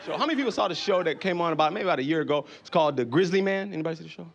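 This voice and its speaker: A man performing loud, profane stand-up comedy on a club stage, often shouting. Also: fairly high pitch, expressive, very fast, gravelly, dull audio, a crowd in the background, background noise.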